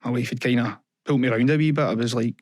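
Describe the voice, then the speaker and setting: A young man with a Scottish accent, a guest in an interview, telling his story in an earnest, halting way and quoting what people said to him. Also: mid-range voice, steady tone, darkish tone, dry recording, studio quality. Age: young adult. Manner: earnest, halting, retells events with quoted dialogue. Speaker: podcast guest. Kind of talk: candid personal interview.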